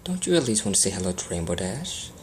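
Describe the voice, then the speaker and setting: A man reading the lines of a kind, regal female pony princess in a soft, gently teasing way. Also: low voice, very animated, quick pace, slight background noise.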